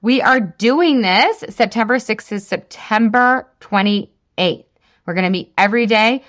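A woman's voice: fairly high pitch, unhurried, fairly bright tone. A woman in her thirties hosting a casual solo podcast, chatty and full of "like", laughing at herself. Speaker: podcast host.

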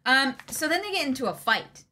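A woman's voice: high voice, big pitch swings, fairly quick, pushed and bright. A woman co-hosting a casual book-club podcast, chatty and giggly, full of "like". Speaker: podcast co-host.

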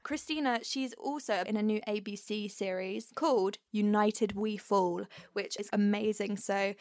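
A woman's voice: mid-range voice, steady tone, measured pace, darkish tone, no echo, studio quality. A woman co-hosting a podcast in casual chat, enthusiastic and giggly. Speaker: podcast co-host.

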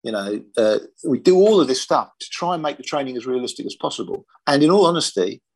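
A man's voice: medium pitch, lively intonation, fast talker, breathy edge. An older man from Britain, a former police firearms officer, telling his story in a plain-spoken, matter-of-fact interview.

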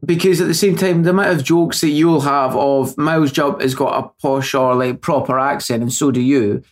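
A man's voice: mid-range voice, fairly even intonation, normal speed. A man with a Glaswegian accent, a bit drunk and slurring, rambling and self-mocking in casual podcast chat. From Glasgow, Scotland.

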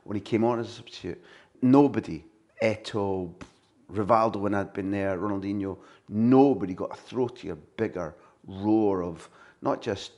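A Scottish man hosting a casual football chat, given to rambling, vivid anecdotes. His voice sits slightly low in pitch. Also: moderate pace, a little mellow. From Scotland. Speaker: podcast host, football journalist.

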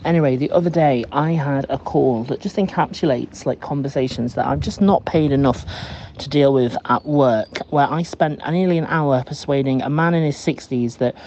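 A man's voice: medium pitch, moderate pace, a little mellow. Amused man in a lo-fi voice note. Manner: chatty, amused storytelling. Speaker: caller leaving a voice note. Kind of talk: recorded voice message. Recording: dull lo-fi voice note with faint hiss.

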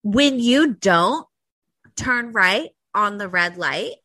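Casting: young woman podcast co-host, animated and profane, dry close mic. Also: medium pitch, takes it slowly, no room sound. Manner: animated, profane, squeals for quoted voices. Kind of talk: casual chat.

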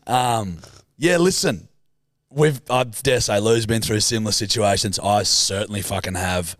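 A man's voice: fairly low pitch, a little slow, fairly bright tone, no echo, studio quality. A man co-hosting a comedy podcast, bantering with lots of laughs and swearing. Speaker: podcast co-host. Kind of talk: casual comedy chat.

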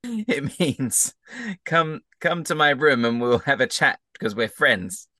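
A man voicing a boastful, excitable rabbit-folk man who talks in a loud, gleeful, showy way. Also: medium pitch, takes it slowly, no echo, studio quality, voice pushed up, exaggerated voice. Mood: chummy.

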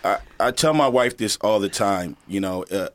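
A man's voice: lowish voice, normal speed. A middle-aged man from the Virgin Islands, co-hosting a podcast in casual chat, telling stories with laughter and acted-out quotes. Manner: storytelling, laughs often, acts out quotes. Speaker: podcast co-host, football coach.

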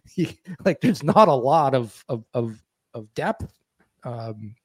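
A man's voice: mid-range voice, expressive, takes it slowly, a little mellow, husky, no room sound, studio quality. A man in his fifties co-hosting a casual sports chat, rambling and restarting his sentences often. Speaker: podcast co-host.

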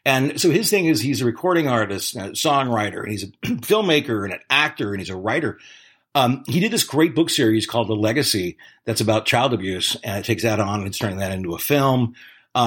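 Husky, animated male podcast host. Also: medium pitch. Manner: rambling, effusive, laughs often. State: voice worn from a long day. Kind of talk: casual interview chat.

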